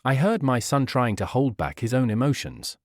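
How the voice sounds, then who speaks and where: A man telling a first-person story as narrator, reading in an expressive way. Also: mid-range voice, normal speed, dry recording, studio quality.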